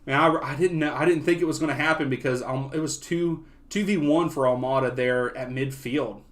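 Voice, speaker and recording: A young man hosting a soccer watch-along, giving casual live play-by-play that often turns excitable. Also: mid-range voice, fairly quick. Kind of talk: live match commentary.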